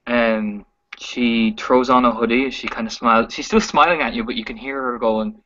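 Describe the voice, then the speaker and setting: A man narrating a tabletop role-playing game as game master, describing scenes in a halting way with fillers. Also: mid-range voice, steady tone, a bit bright, muffled recording.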